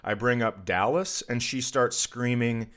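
Man, comedian, crude animated storytelling, mocking impressions, casual podcast chat. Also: medium pitch, measured pace.

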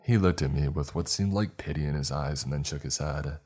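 A man reading a first-person horror story aloud as scripted narration, in a measured storytelling manner. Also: extremely low pitch, a little mellow, breathy edge, faint music behind.

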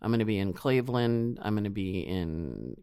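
A woman's voice: a bass voice, sing-song, moderate pace, mellow, smooth, no room sound, studio quality. A woman astrologer chatting in an interview, rambling with many restarts. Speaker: astrologer guest. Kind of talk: casual interview chat.

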